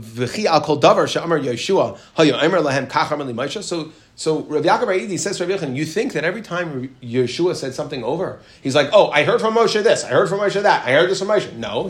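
Animated man teaching a Talmud lesson. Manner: reads Aramaic text then explains in English, animated rises in pitch. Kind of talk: Gemara lesson, reading and explaining.

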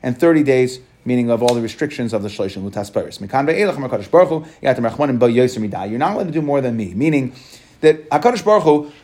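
A man's voice: mid-range voice, expressive, fast, darkish tone. A man teaching a Talmud lesson, reading passages aloud and then explaining them in casual speech, with frequent restarts and fillers.

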